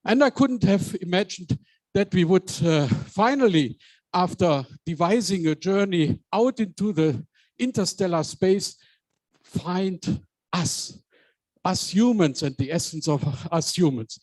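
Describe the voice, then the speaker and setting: A man chairing a team project, giving a measured, reflective speech with hesitant fillers. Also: high-pitched, expressive, darkish tone, no echo.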